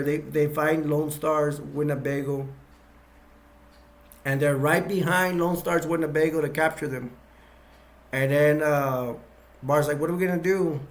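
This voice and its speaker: A man giving a casual movie plot recap, rambling with frequent restarts and chuckles. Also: on the high side. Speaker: video reviewer.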